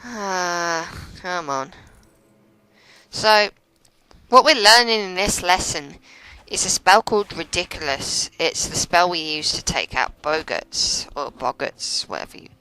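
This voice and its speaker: Girl doing game commentary, kinda sarcastic, bright crisp voice, dry sound. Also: fairly low pitch, unhurried, dry recording, low-quality recording. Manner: chatty and sarcastic, laughing often. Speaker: let's play commentator. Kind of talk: casual gameplay commentary.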